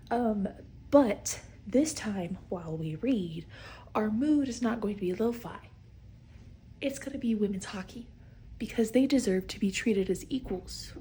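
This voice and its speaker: Brief: woman book vlogger, casual and unhurried, breaks into excited outbursts. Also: medium pitch, a little hiss or hum. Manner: chatty, swears, frequent fillers, excited outbursts. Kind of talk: casual reading vlog chat.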